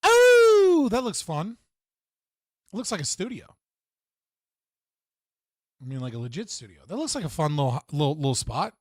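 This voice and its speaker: Young male livestream host, slightly high voice, dead-dry close mic, rambling, sweary, laughs a lot. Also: wildly swooping pitch, normal speed, long pauses, no room sound. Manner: rambling, profane, laughs often, restarts a lot. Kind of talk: casual livestream chat.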